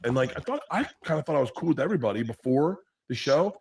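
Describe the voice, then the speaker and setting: A man's voice: mid-range voice, quick pace, slight background noise. A man telling a rowdy story in a clip, swearing and acting out what others said. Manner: swears, quotes others in excited bursts. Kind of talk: animated storytelling.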